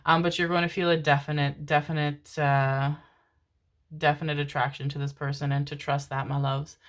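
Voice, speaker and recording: A woman reading tarot cards for viewers, speaking gently and affectionately, calling them darlings and babies, with the odd casual swear. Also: low-pitched, flat delivery, moderate pace. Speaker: tarot card reader. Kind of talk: channeled pick-a-card tarot reading.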